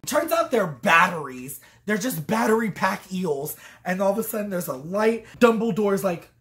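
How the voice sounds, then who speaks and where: A woman's voice: medium pitch, very animated, moderate pace, hardly any pauses, fairly bright tone. A tipsy woman vlogger giving a rambling comic review, swearing freely and acting out quotes along the way.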